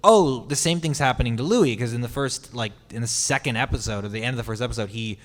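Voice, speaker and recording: A man on a convention panel, recalling his first day of recording in a relaxed, hesitant way. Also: medium pitch, quick pace. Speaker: voice actor panelist. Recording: long hall reverb.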